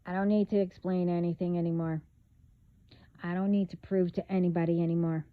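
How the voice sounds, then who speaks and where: A woman talking bluntly in a casual spiritual vlog, halting, with many fillers and restarts. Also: on the low side, flat delivery, no echo. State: hiccups. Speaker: vlogger. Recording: phone-like band-limited audio.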